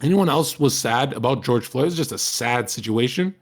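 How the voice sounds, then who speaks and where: A man's voice: mid-range voice, animated, moderate pace. A man livestreaming an angry, lecturing rant that is heavy with profanity and aimed at his chat.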